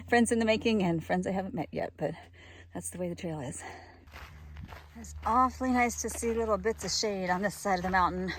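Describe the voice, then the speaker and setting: A woman's voice: medium pitch, darkish tone, husky. A cheerful, chatty woman narrating her hike outdoors on a mountain trail, talking into a handheld camera and laughing often. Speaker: hiking vlogger. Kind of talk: casual vlog narration while hiking.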